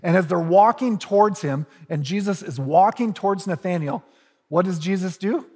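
High-voiced husky male preacher. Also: moderate pace, darkish tone, in a large hall. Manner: conversational storytelling with humorous asides. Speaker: pastor. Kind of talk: sermon.

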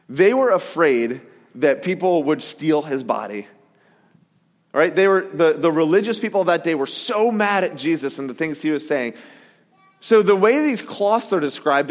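Man, pastor, conversational sermon, high pitch, long hall reverb. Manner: conversational, animated, jokey asides.

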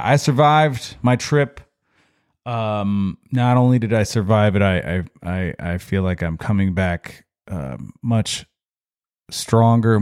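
A man hosts his own podcast in a casual solo monologue, rambling in a folksy way and repeatedly checking in with the listener by saying "you know what I mean." His voice is low, darkish, clear and resonant. The studio sound is clean and dry.

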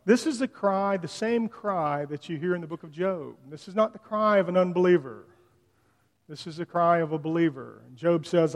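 A man's voice: sits high, normal speed. A man preaching a sermon in a conversational way, retelling scripture in everyday slang. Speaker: pastor. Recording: long hall reverb.

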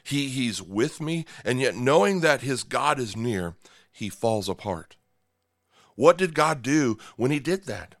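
A man's voice: medium pitch, lively intonation, a little slow, no room sound, clean studio sound. A middle-aged man preaching a sermon, repeating key phrases, dropping to near-whispers for emphasis and checking in with "right?" and "okay?". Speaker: pastor.

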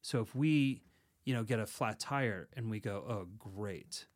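A man's voice: medium pitch, normal speed. A man co-hosting a podcast and teaching meditation in casual chat, rambling and self-correcting, laughing easily.

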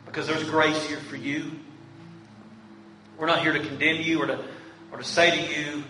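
Earnest pleading pastor, bright voice. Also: male voice, fairly high pitch, little pitch movement, moderate pace, recorded from a distance, soft background music. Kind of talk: sermon. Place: church sanctuary. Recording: echoey church room from afar, faint hum.

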